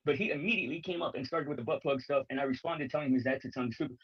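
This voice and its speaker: A man's voice: medium pitch, rapid-fire, slightly rough. A man with a mid-range voice speaks bluntly, with a mocking edge, in casual panel chat. His voice comes through a dull, lo-fi stream feed. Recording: lo-fi stream audio.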